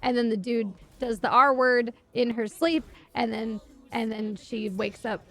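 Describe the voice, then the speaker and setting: A woman streamer casually retelling stories while gaming, sarcastic and profane, animated. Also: on the high side, a little slow.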